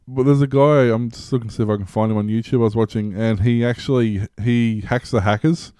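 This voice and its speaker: A man's voice: medium pitch, steady tone, brisk, mellow, clean tone, dry recording, studio quality. A man in casual chat, explaining things in a loose, rambling way.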